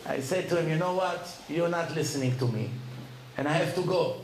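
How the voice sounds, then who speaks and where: Animated man telling stories in echoey hall. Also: a little fast, slight background noise. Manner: animated, acts out dialogue with rising pitch. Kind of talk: storytelling lecture.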